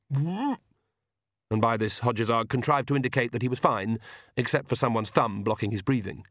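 A man's voice: mid-range voice, normal speed, fairly bright tone, no room sound. Man reading an audiobook, dry sound. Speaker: audiobook narrator. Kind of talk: scripted narration.

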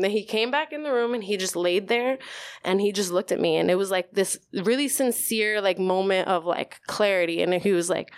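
A woman's voice: medium pitch, a little fast, clean tone. A woman in her thirties telling her story as an interview guest, casual and candid, full of "like" and swearing freely. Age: 30s.

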